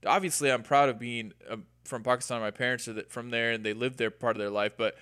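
A man's voice: mid-range voice, steady tone, fast talker, a bit bright, clear, resonant tone, dry recording, studio quality. A man co-hosting a podcast, speaking earnestly and laying out long examples in a casual conversation. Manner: earnest, explains with extended examples. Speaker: podcast co-host.

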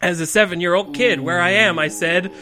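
Bright-voiced man reading a creepypasta aloud. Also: high voice, fairly quick, soft background music. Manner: reads rambling text aloud, breaking into laughter. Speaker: podcast host reading creepypastas. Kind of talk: casual podcast chat and comic reading.

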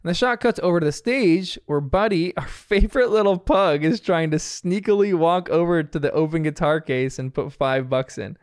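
A man's voice: fairly high pitch, moderate pace, few pauses, clean tone, no room sound, studio quality. A man casually recapping a cartoon episode scene by scene, chatty and often laughing. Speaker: TV episode reviewer.

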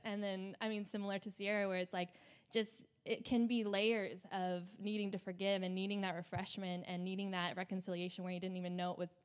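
A woman's voice: medium pitch, little pitch movement, brisk, clear, resonant tone. Candid young woman sharing faith stories. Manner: candid, emotional, many "like" fillers. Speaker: host. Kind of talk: casual personal faith sharing.

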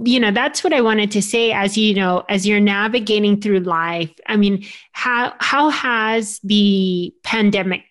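A woman hosting a podcast interview, speaking hesitantly with frequent restarts and fillers. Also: medium pitch. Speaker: podcast host.

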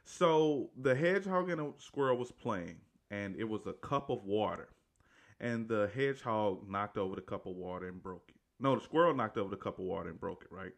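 A man with a somewhat low voice talks his way through a movie plot in an easygoing, colloquial manner. He keeps restarting and correcting himself, checking in with a loose "right?" as he goes. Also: lively intonation, brisk, creaky. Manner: rambling, with frequent restarts and self-corrections. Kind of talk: casual retelling of a movie plot.

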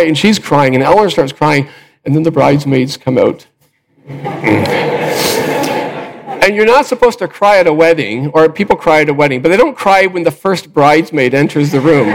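Gravelly older man preaching. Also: a little high, rough recording. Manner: conversational storytelling, many fillers and restarts. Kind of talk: sermon with personal story.

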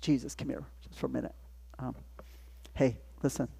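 A man's voice: sits high, very animated, normal speed, no echo, voice pushed up. A man preaching, putting on the voice of a disciple who casually talks his teacher out of danger in modern slang. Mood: pleading. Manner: pleading then boastful, casual modern slang. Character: anxious, overconfident male disciple.

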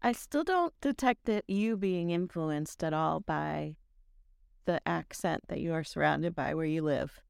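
A woman's voice: low voice, a little slow, vocal fry, clean tone, dry recording, studio quality. A woman co-hosting a podcast, chatting and bantering playfully. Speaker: co-host. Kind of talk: podcast chat.

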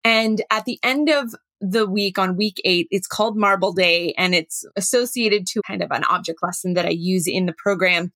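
Animated woman telling a story. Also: medium pitch, moderate pace, hardly any pauses, no echo. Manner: animated, acts out dialogue in her stories. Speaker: kindness workshop facilitator. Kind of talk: storytelling talk.

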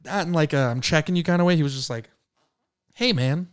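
A man's voice: on the high side, rapid-fire, clean tone, no room sound, studio quality. A man from San Jose, California, telling a comic story in casual chat, acting out the people he quotes and laughing often. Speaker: comedian guest.

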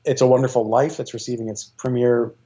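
In a dull, lo-fi recording, a choir director guesting in a casual interview speaks fast and with eager enthusiasm, his thoughts rambling amid many fillers and self-corrections. His voice is medium in pitch, mellow and dark, with little pitch movement.

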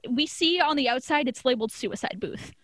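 A woman's voice: sits high, expressive, fairly quick, fairly bright tone, no echo. A woman casually recapping a cartoon episode, chatty and often laughing mid-sentence. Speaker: podcast co-host.

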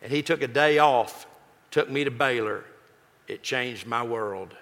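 A man's voice: mid-range voice, a little slow, vocal fry. A man, telling a folksy, joking personal story in a sermon. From Texas. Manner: folksy, joking, lively delivery. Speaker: pastor. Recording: echoey hall reverb.

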